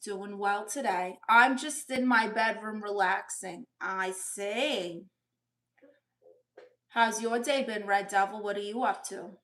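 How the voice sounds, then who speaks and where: A woman plays a sassy, doting middle-aged aunt on a chatty live-chat comedy stream from her bedroom, greeting viewers and reading chat aloud with big swoops in her voice. Her voice is mid-range and a bit bright, and she speaks slowly.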